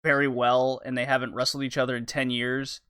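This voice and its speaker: A podcast co-host in casual chat, measured and explanatory, with light teasing. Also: medium pitch, level tone, fairly bright tone, smooth.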